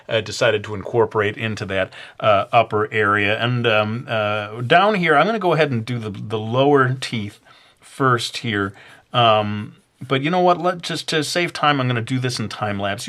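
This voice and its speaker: A man's voice: fairly low pitch, a bit bright. A man narrating a drawing tutorial in a loose, rambling way, full of fillers and little self-deprecating jokes. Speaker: drawing instructor.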